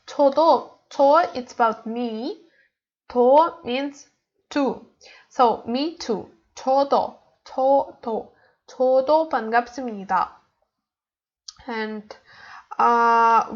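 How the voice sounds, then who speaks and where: Woman teaching phrases, halting, lo-fi. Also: on the high side. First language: Ukrainian. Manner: halting, many fillers, slow careful repetition of example phrases. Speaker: language teacher. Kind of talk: casual spoken lesson.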